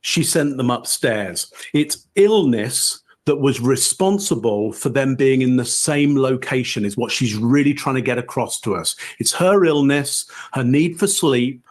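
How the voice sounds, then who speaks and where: A man on a panel breaking down body language, explaining step by step in a measured, emphatic way. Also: medium pitch, lively intonation. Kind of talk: analytical commentary.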